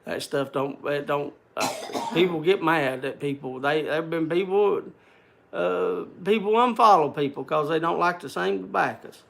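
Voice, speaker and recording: A man's voice: fairly high pitch, moderate pace, gravelly, a bit bright, slight background noise. An older man hosting a livestream, chatting with viewers in a rambling, folksy, self-deprecating way. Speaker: livestream host. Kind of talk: casual chat to viewers.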